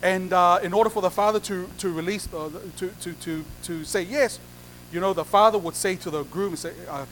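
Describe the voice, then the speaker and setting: High-voiced man preaching with acted-out dialogues. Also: normal speed, fairly bright tone, a little hiss or hum, low-quality recording. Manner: acts out little dialogues, repeats phrases for emphasis. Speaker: pastor. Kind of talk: sermon.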